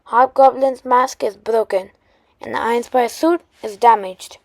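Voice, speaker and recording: A woman retelling a made-up superhero story, halting often with restarts and fillers. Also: a little high, no room sound.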